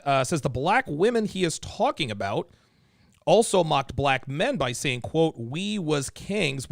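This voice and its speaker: Animated man hosting a livestream. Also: a little high, creaky, no room sound, clean studio sound. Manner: animated, reads viewer super chats aloud. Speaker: livestream host. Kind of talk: casual livestream chat.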